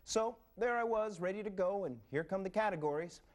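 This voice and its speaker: A man's voice: high-pitched, fairly quick. Brief: male commentator, sardonic monologue, dry understated delivery. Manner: wry, dry storytelling.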